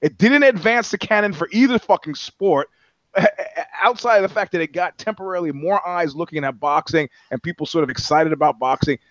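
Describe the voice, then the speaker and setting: A man's voice: on the high side, fairly quick, fairly bright tone, no room sound, lo-fi sound. A man co-hosting a podcast in casual chat, rambling and sardonic, with plenty of profanity. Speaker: podcast co-host.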